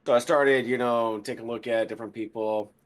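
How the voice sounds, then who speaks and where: A man who is a guest on a gaming podcast, talking in a relaxed, chatty way with lots of fillers. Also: medium pitch, fairly quick. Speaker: podcast guest, military veteran. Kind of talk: casual gaming podcast chat.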